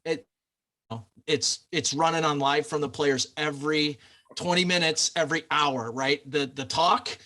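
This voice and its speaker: A man's voice: on the high side, fairly even intonation, a little slow, pushed and bright. A man, a podcast guest from the United States, telling a long rambling anecdote in casual chat, loose and full of fillers.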